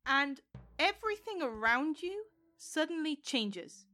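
A woman narrating a tabletop game as game master, setting scenes in a descriptive, unhurried way. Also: on the high side, expressive, bright, forceful tone.

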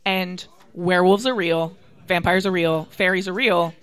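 A woman's voice: on the low side, fairly even intonation, moderate pace, clear, resonant tone. A woman artist chatting as a podcast guest, enthusiastic and laughing often. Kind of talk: casual chat.

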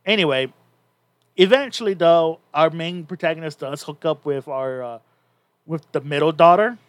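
A man's voice: a little high, normal speed, no echo. A man co-hosting a podcast, casually recapping a story in a rambling way with many restarts. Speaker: podcast co-host.

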